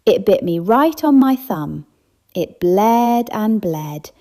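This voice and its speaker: A woman voicing a scatterbrained older woman who rambles and blurts things out, pitched higher than her own voice. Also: slow. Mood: excited rambling. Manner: rambling, excitable.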